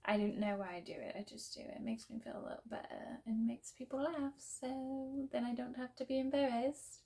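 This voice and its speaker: A woman's voice: high voice, fairly even intonation, brisk, creaky, warm tone. A young woman chatting casually to camera about books she wants to read, playful and self-deprecating. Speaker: book vlogger. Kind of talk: casual to-camera book chat.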